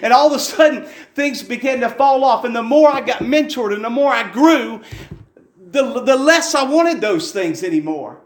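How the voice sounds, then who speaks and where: A man's voice: very high voice, expressive, normal speed, echoey room. A man preaching a fervent, folksy testimony sermon in a church, repeating his phrases for emphasis.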